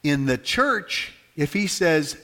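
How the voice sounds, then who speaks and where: A man's voice: a little high, expressive, slow pace, a bit bright. An older man preaching a conversational sermon as a pastor, acting out everyday dialogue to make his points. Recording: reverberant hall.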